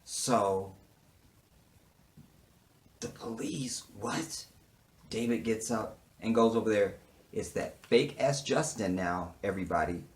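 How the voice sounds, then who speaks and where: A man casually reviewing a TV episode, sassy and blunt, swearing freely and swinging from murmured asides to loud outbursts as he acts out the characters' lines. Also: lowish voice, slow pace, long pauses. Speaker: TV show reviewer. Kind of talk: casual, animated recap with quoted dialogue.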